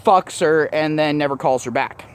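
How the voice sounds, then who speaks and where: Swearing nonstop, this vlogger gives his viewers a blunt, mocking retelling of a story in a profane rant. He speaks at normal speed in a smooth, slightly high voice.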